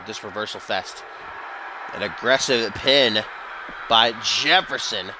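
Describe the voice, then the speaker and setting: A young man doing casual, excitable play-by-play commentary for a wrestling video game, shouting on the close calls. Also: mid-range voice, measured pace, noisy background. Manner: excitable, rises to near-shouting on near-falls; casual asides and swearing between calls.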